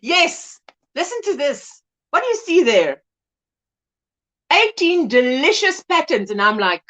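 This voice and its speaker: Woman hosting a chatty livestream, high voice bouncing all over, says hi to everyone by name. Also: big pitch swings, takes it slowly, pauses often. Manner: warm, chatty, greets viewers by name, laughs often. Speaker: livestream host. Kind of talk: casual livestream chat greeting viewers.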